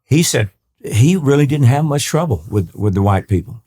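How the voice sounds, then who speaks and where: A man's voice: mid-range voice, lively intonation, moderate pace, mellow. A man from East Texas, a country singer and guest, telling long rambling anecdotes with many restarts and acting out the people he quotes. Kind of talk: storytelling interview talk.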